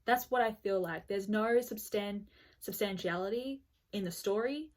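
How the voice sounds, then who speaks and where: A woman's voice: medium pitch, moderate pace. A woman reviewing books in a casual vlog, blunt and exasperated, with lots of "like" and the odd swear. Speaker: book reviewer.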